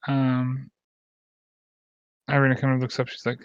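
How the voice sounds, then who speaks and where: Relaxed male game master, muffled mic. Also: medium pitch, unhurried, pauses often, smooth, no echo. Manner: relaxed, filler-heavy narration. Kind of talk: narrating a tabletop game.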